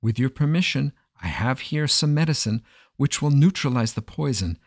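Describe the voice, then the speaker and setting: A man voicing a wise, calm male sage who speaks politely and deferentially. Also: medium pitch, normal speed, dry recording, clean studio sound, pitched above the performer's own voice. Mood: courteous.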